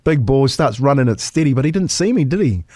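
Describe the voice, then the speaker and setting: Brief: New Zealand man, fifties, animated storyteller, dry close mic. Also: mid-range voice, fast, no room sound. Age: 50s. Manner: animated yarn-spinner, laughs through his stories. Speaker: former rugby league coach, guest. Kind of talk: casual storytelling chat.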